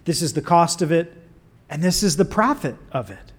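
Animated, high-voiced male preacher. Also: moderate pace, husky. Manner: animated, conversational, wry asides. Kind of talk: sermon.

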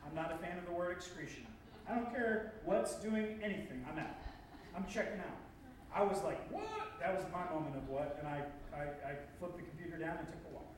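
A man preaching a sermon in a relaxed, conversational and playful way, breaking into exaggerated incredulous outbursts. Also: on the high side, brisk, slight background noise. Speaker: pastor.

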